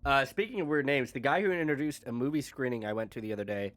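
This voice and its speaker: A man's voice: medium pitch, quick pace, a bit bright. Man riffing on puns while streaming. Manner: rambling wordplay, reads chat aloud in silly voices. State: eating while talking. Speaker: streamer playing a mech strategy game. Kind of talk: casual joking chat over gameplay.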